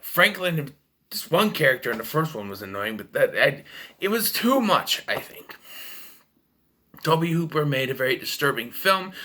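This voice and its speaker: Rambling bright-voiced man reviewing films. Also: mid-range voice. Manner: rambling, hesitant, self-correcting. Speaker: movie reviewer. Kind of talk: casual video review.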